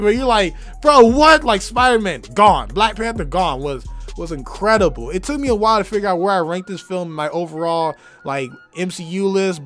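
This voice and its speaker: A young man with a hoarse, worn-out voice giving an enthusiastic, rambling movie review full of fillers. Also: high-pitched, fairly bright tone. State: hoarse, tired voice. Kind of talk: casual movie review vlog.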